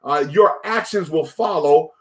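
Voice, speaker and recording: Man, pastor, devotional sermon, slightly higher-pitched voice, loops back over his phrases with lots of filler words. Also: a little slow. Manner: repeats phrases, many fillers and restarts.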